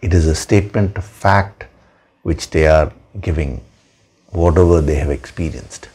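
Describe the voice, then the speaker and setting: A man giving a spiritual discourse as a teacher, in a measured, emphatic way, repeating words for stress. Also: rumbling low, a little mellow, husky. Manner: slow, measured, emphatic with repetitions.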